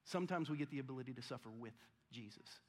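A man's voice: mid-range voice, fast, darkish tone. A man preaching a sermon in a conversational style, often acting out the voices of the people in his story. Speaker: pastor. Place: church auditorium. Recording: long church hall reverb.

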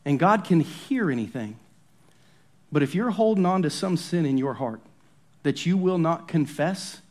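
Delivering a sermon in church, this pastor has a fairly high voice. He is emphatic, frequently lowering to a hushed, intense tone when he reaches key points.

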